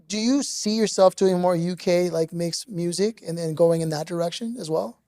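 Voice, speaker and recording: A woman's voice: fairly low pitch, moderate pace, dark tone, no echo. A woman hosting a studio podcast in casual chat, encouraging the guest and saying yeah and you know often. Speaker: podcast host.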